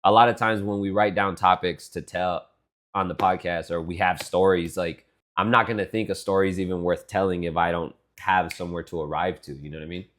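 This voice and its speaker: A man's voice: sits low, fairly even intonation, brisk, a bit bright. A young man co-hosting a podcast with his sister, teasing her bluntly and swearing in casual chat. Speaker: podcast co-host.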